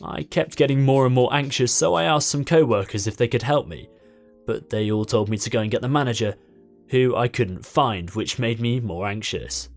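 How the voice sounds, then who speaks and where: A man reading a story aloud as narrator, in an expressive storytelling manner. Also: mid-range voice, normal speed, soft background music.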